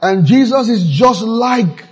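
Male preacher, husky and raised in pitch, reads verses and quizzes the congregation. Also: expressive, takes it slowly, low-quality recording. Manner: questions the congregation and reads scripture aloud, rising to emphatic peaks. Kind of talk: call-and-response sermon.

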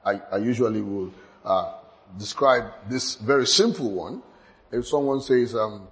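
A man's voice: lowish voice, lively intonation, a little slow. A man giving a Bible teaching, working through examples and restating each key point, with frequent restarts. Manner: repeats key points, stammers and restarts, laughs at own slips. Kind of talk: teaching sermon.

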